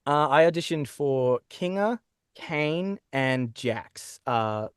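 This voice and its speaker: A man with an Australian accent, chatting as a guest in an interview, talking in quick restarts and laughing easily. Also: a little high, animated, clean tone, dry recording, clean studio sound. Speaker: guest voice actor. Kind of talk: casual interview chat. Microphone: own microphone.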